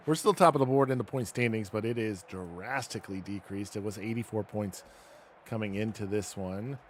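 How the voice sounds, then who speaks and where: Streaming a dirt racing game, this man gives casual live commentary, wryly going over results and car setup while poking fun at himself. His voice is lowish at a normal speed, with a little hiss or hum.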